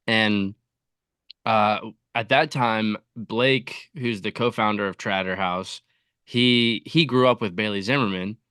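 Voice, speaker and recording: Bright-voiced man telling a story easygoing. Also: lowish voice, steady tone, slow pace, smooth, no echo, studio quality. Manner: easygoing storyteller, lots of likes and you-knows. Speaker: podcast guest, content creator. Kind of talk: casual interview.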